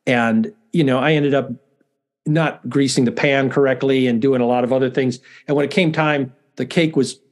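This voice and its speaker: A man's voice: medium pitch, steady tone, normal speed. A middle-aged man, a university dean, chatting as a guest in a casual interview, self-deprecating and often restarting his sentences.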